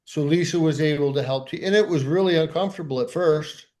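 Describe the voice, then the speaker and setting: A man's voice: fairly high pitch, a little fast, a little mellow. Candid man telling his story. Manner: candid, self-deprecating storyteller. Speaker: podcast co-host. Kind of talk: casual storytelling conversation.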